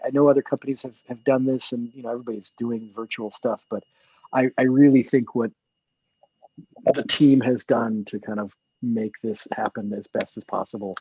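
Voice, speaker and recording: Casual male host, husky voice, rambling with fillers, dull call audio. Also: mid-range voice, a little mellow, no echo. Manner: chatty, rambling with many fillers and restarts. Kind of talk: casual chat on a video call.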